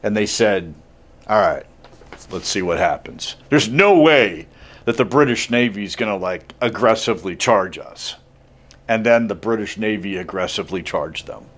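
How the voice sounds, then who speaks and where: A man's voice: fairly low pitch, lively intonation, moderate pace, fairly bright tone. Chatty male history teacher lecturing. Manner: chatty, jokey, full of "like" and acted-out asides. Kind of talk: casual classroom lecture.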